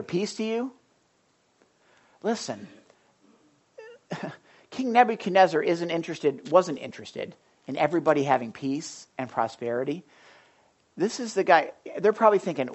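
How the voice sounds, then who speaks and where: Animated woman preaching a sermon. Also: lowish voice, normal speed, long pauses, breathy edge. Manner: animated, conversational, emphatic with frequent asides.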